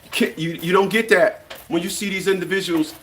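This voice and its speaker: A man's voice: high-pitched, steady tone, a little fast, slight background noise. A man in his fifties delivering a blunt, profane opinion rant, often stumbling and repeating words as he restarts. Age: 50s. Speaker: commentary channel host.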